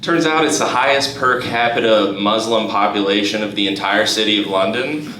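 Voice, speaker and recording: Young man doing halting stand-up. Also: fairly low pitch, bright, forceful tone, a little hiss or hum. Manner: halting, many restarts and fillers. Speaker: stand-up comedian. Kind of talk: live stand-up set. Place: comedy club stage. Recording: roomy live club recording with crowd. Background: audience laughter.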